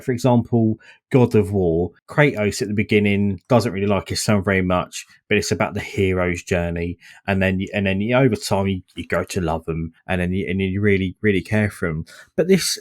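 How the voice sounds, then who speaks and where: Man, casual podcast talk, sardonic, swears a lot, stumbling restarts. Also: mid-range voice. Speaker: podcast co-host.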